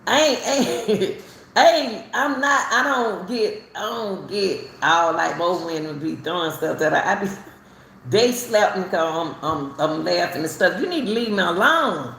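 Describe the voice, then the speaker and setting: Laughing, animated woman in an echoey room. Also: on the low side, a little slow, creaky, slight background noise. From Chicago. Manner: animated, laughs often mid-sentence, repeats herself. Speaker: speaker telling her own story. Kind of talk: casual storytelling. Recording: roomy echo, faint ambience.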